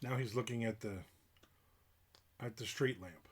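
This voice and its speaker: A middle-aged man grumbles on a livestream, ranting casually about strangers near his house. His voice is on the low side with a breathy edge, at a moderate pace with frequent pauses.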